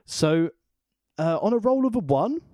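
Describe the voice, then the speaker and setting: A man's voice: sits high, sing-song, measured pace, mellow, no room sound. A man co-hosting a casual wrestling podcast, recapping with dry, wry humor. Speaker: podcast co-host.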